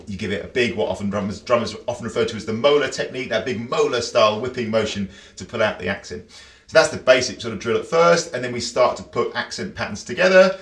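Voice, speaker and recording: A chatty man gives a drum lesson from a room that rings with a roomy echo. His voice sits low, and he counts beats and scats rhythms as he explains. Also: a bit bright. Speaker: drum teacher. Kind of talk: casual instructional talk.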